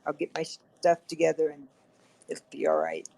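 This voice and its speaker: A woman's voice: sits low, big pitch swings, normal speed, gravelly, warm tone, rough recording. A woman guest on a casual online chat, frank and frazzled, laughing and swearing freely. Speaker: guest co-host.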